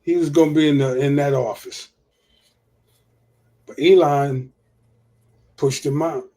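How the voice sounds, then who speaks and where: A man's voice: on the high side, fairly even intonation, a little slow, mellow. A man hosting a livestream of casual political commentary, profane and repeating his points for emphasis. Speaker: livestream host.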